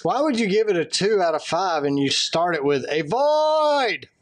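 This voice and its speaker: A man co-hosting a racing podcast, playful and quick to laugh in casual chat. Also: high-pitched, sing-song. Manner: playful, laughs at his own jokes. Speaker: podcast co-host.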